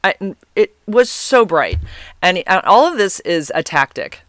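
A woman's voice: fairly low pitch, big pitch swings, a little slow, a bit bright, no room sound. A woman telling a personal story in a casual, rambling way, with many restarts and bursts of laughter.

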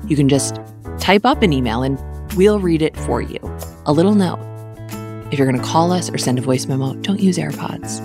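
A low-pitched woman hosts a podcast and delivers her essay with wry, dry humor. Clear music sits behind her voice the whole time. She sounds conversational and knowing. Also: expressive, moderate pace. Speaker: podcast host. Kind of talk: personal essay and podcast outro.

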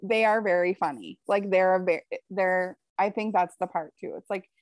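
A woman co-hosting a casual book podcast, expressive and quick to laugh. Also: fairly low pitch, no room sound. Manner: expressive, laughs easily, chatty asides. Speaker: podcast co-host.

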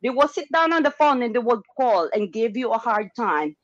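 A woman's voice: a little high, big pitch swings, moderate pace, dry recording, lo-fi sound. A woman, chatting as a guest and acting out what other people say in different voices. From Philippines. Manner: talkative, acts out quoted remarks in changed voices. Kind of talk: casual conversation sharing experiences.

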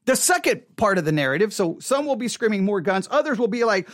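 A man's voice: high voice, animated, brisk, hardly any pauses, no room sound, studio quality. A man giving an impassioned opinion monologue, mockingly repeating slogans over and over. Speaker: commentator.

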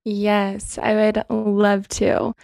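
A woman co-hosting a wellness podcast, speaking in an earnest, encouraging way about personal growth. Her voice has a gravelly texture and a mid-range pitch. The sound is dry and close. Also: completely flat delivery, very slow, a little mellow, no echo. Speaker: podcast co-host. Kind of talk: reflective wellness podcast talk.

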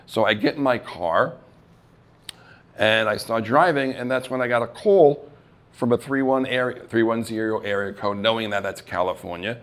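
A man's voice: medium pitch, normal speed. A middle-aged man tells a live audience about his acting life. He acts out the people in his stories and laughs at his own mishaps. His voice sits in the ordinary middle range for a man. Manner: animated storyteller who acts out quoted voices and laughs at himself. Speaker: actor telling his story on stage. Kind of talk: storytelling talk. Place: live event stage.

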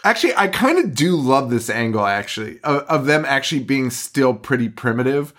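A man's voice: mid-range voice, fairly quick. Profane laughing male podcast host. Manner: profane, animated retelling with mock voices. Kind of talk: casual chat recapping a film.

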